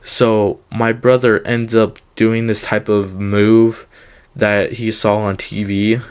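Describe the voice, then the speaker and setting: A man's voice: on the low side, clean tone. A young man casually telling a rambling personal story, full of fillers and "he goes" quotes.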